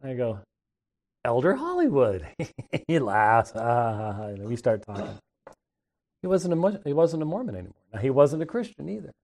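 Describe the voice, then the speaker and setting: A man's voice: medium pitch, lively intonation, moderate pace, vocal fry, a little mellow. A middle-aged man hosting a talk show, telling rambling, conversational stories and often restarting his sentences. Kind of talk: casual anecdotal storytelling.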